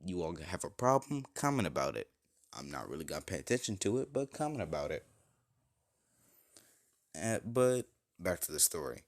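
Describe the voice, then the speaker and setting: Young man, deep voice, loose crude fan-fic rambler. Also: big pitch swings, normal speed, pauses often. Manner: crude, rambling, full of likes and kindas. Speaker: fan fiction storyteller. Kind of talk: casual rambling retelling.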